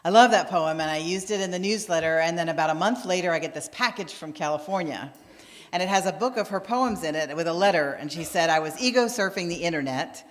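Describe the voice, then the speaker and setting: Lady pastor telling a story from the pulpit, lowish voice, long church echo, acts out the people she quotes. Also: animated, quick pace. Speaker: minister. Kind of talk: sermon with storytelling. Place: church sanctuary. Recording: long reverb of a church hall.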